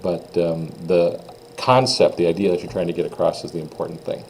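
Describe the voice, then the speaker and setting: A man's voice: deep voice, steady tone, fairly quick, vocal fry, a little mellow, a little hiss or hum, low-quality recording. A man from Minnesota teaching a beginner French lesson, patiently explaining phrases and modeling pronunciation. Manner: patient, plain-spoken, models pronunciations in a raised voice. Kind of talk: recorded classroom lesson.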